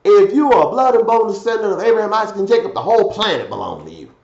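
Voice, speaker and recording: A man's voice: very animated, fast, vocal fry. Preacher guy going hard then dropping to mutters, voice jumps all over, echoey muffled sound. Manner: swings from loud declaiming to low muttered asides. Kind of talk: fiery scripture sermon.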